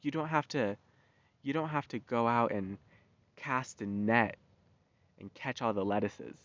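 A man's voice: medium pitch, unhurried, fairly bright tone, no room sound. Profane, heated man ranting on a lo-fi recording. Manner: profane, heated, loose and slangy. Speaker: vlogger. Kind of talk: casual ranting monologue. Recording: dull lo-fi recording.

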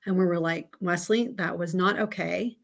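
Woman, thirties, slightly low voice, candid, reflective, storytelling, casual interview guest. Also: normal speed, gravelly. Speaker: podcast guest.

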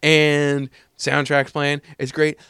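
A man's voice: a little high, monotone, slow pace, fairly bright tone, clear, resonant tone, no echo, clean studio sound. A man co-hosting a podcast from a home attic, chatting casually, rambling off on tangents and laughing often. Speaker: podcast co-host. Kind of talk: casual chat.

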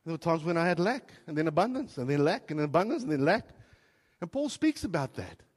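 A man from South Africa preaching a sermon as a pastor, telling a personal story and swinging from soft, quiet passages to loud, emotional outbursts. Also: a little high, big pitch swings, quick pace, big-room sound. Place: church.

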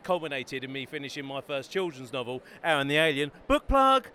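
Bright, eager author plugging his books. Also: mid-range voice, fairly even intonation, quick pace. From Bedford, England. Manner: upbeat, chatty, eager to plug his books. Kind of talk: enthusiastic self-promoting interview. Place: busy trade fair hall.

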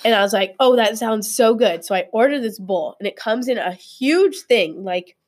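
A young woman in casual podcast chat, telling stories in an animated way and laughing often. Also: fairly high pitch, normal speed.

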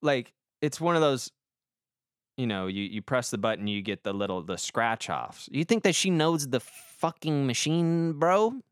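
A man's voice: mid-range voice, lively intonation, a little slow, smooth, dry recording, clean studio sound. A young man hosting a podcast, telling a rambling comic story, swearing a lot and making fun of himself. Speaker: podcast host. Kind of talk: casual comic monologue.

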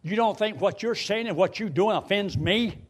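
An older man preaching a sermon, swinging from loud outbursts to low, quiet pleading. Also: normal speed.

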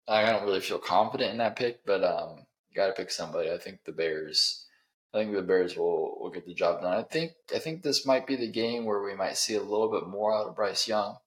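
A man with a very low voice hosts a casual sports podcast. His delivery is dry and sarcastic, and he leans on ums between his thoughts. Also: fairly quick. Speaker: podcast host.

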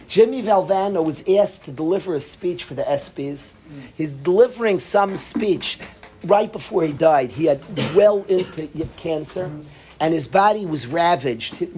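A man giving a lively Torah talk, telling a story and mixing in Yiddish and Hebrew words. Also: on the high side.

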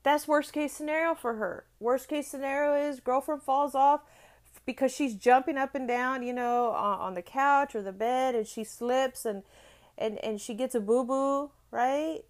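A middle-aged woman speaking in a slightly high voice, delivering a heartfelt motivational talk. She leans on repetition to drive points home and keeps asking her listeners "right?". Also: a little slow. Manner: earnest, repeats phrases for emphasis, asks "right?" often.

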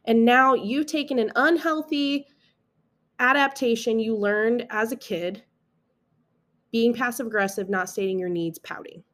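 A woman's voice: a little high, measured pace, a bit bright. A young adult woman hosting a casual solo podcast, talking in an earnest, reassuring way with frequent restarts and asides. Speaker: podcast host.

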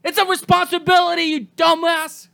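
A host delivers a solo podcast rant in a notably high voice. The talk is angry and full of swearing, with sudden shouted outbursts. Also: flat delivery, moderate pace, creaky. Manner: angry, profane ranting with shouted bursts.

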